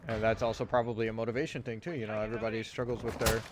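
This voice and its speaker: A man's voice: fairly low pitch, level tone, rapid-fire. A man co-hosting a casual stream chat, encouraging and chiming in with thoughts. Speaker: stream co-host. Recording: noisy stream audio.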